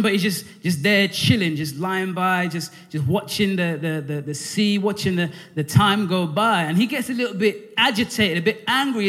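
Man, preacher, high voice, long hall reverb, conversational sermon with fillers, call-and-response energy. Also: a bit bright. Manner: conversational, with frequent fillers and restarts. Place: church.

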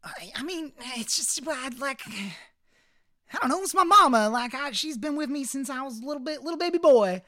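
A woman's voice: high-pitched, lively intonation, normal speed, bright, forceful tone, dry recording, studio quality, voice pushed up. A woman voicing a nervous young man who stammers, trails off and pleads, in a tabletop role-play game. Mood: pleading. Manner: stammering, flustered, rambling.

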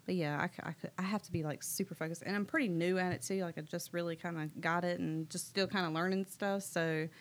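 A woman, co-hosting a podcast, who tells animated stories bluntly and swears freely. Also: lowish voice, quick pace, few pauses. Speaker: podcast co-host. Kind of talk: casual chat.

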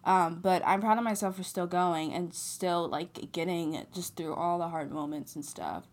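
A woman's voice: on the low side, fairly even intonation, moderate pace. A young woman in her late teens co-hosting a podcast, talking candidly and self-mockingly, with frequent swearing. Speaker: podcast co-host. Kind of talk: casual chat.

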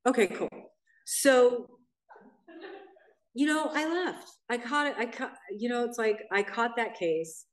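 A middle-aged woman, main speaker at a recovery meeting, telling her own story in a blunt, animated way and acting out the voices of people she quotes. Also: fairly high pitch, takes it slowly, pauses often. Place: meeting room in a church. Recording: roomy sound, mic at a distance.

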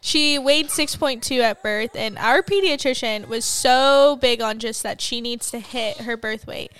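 Chatty young woman, smooth clear voice. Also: on the high side, a little slow, a bit bright. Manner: chatty, detailed storytelling. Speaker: podcast co-host, new mother. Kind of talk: casual chat.

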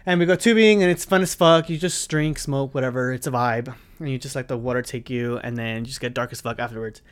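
A man's voice: mid-range voice, fast talker, clean tone. A young man from Arizona, a podcast host telling a funny story in a rambling, profane, dramatic way. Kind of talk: casual storytelling.

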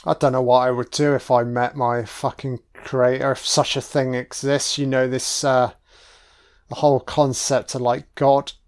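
A man's voice: medium pitch, flat delivery, normal speed. Bloke swearing his way through a movie commentary, chatty. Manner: sweary, exclaiming reactions at the screen. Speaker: film commentator. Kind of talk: casual audio commentary.

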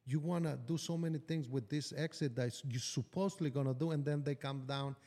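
A man's voice: a little high, fairly quick, dark tone. A man talking as a business-owner guest on a podcast, blunt and profane, telling stories with animation. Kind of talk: casual podcast conversation.

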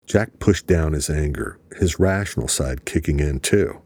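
Deep husky guy reading a thriller, steady pace, dry close mic. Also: unhurried, no echo. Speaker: audiobook narrator. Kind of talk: scripted narration.

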